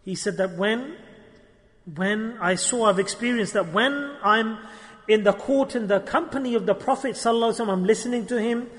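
A man giving an animated storytelling sermon at a gathering, acting out dialogue and using Arabic religious terms. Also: high voice, a little fast. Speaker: preacher. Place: gathering hall. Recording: long hall reverb.

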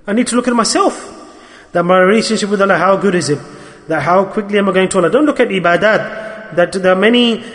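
A man with a high voice gives an earnest, repetitive sermon. He works Arabic religious terms into his English. His voice rings with a long reverb, as in a large hall. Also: fast talker, fairly bright tone. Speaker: preacher.

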